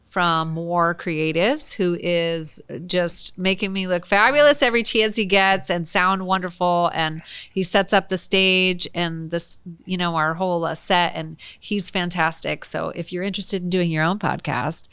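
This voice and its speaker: Woman, podcast host, bubbly, gushing, casual chat, crisp clear voice. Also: lowish voice, steady tone, unhurried, a bit bright, no room sound. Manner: bubbly, laughs often, gushing. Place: podcast studio set.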